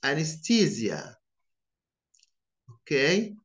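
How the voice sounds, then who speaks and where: A man teaching English vocabulary, saying each word slowly and deliberately and repeating it in pairs. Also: fairly high pitch, very animated, fairly bright tone, poor audio. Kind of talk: vocabulary drill lesson.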